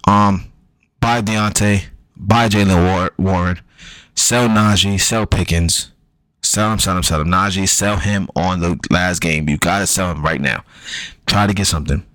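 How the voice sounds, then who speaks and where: Deep-voiced man giving casual slangy advice. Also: fairly even intonation, a little slow, fairly bright tone, no echo, rough recording. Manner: slangy, loose, repeats himself, frequent ums and curses. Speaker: fantasy football podcaster.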